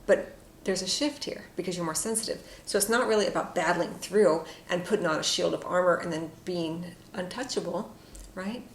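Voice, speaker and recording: A woman giving a casual, reflective spoken tarot reading with frequent fillers and soft asides. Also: lowish voice, moderate pace, hardly any pauses. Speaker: tarot card reader. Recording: echoey room with faint noise.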